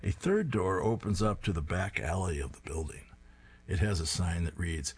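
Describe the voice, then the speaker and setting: Deep husky man reading comics aloud. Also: lively intonation, moderate pace. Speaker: comics reader.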